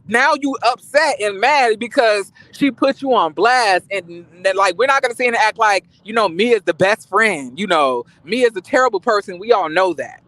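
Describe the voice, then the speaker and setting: A man's voice: sits high, animated, moderate pace, hardly any pauses, bright, forceful tone, no room sound. A man giving casual, sassy gossip commentary on reality TV, profane and rambling, with many restarts.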